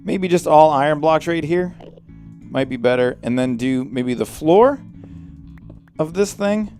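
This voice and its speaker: A man with a somewhat high, very lively voice talks through his gameplay in a chatty, excitable way. His pitch swings widely as he exclaims in surprise, and faint guitar music plays under him. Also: unhurried. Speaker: let's play host. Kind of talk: casual gameplay commentary.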